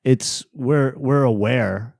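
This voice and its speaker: A man's voice: medium pitch, slow, creaky, darkish tone, no room sound, studio quality. A man co-hosting a podcast in casual chat, laid-back, swearing now and then and acting out quotes. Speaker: podcast co-host.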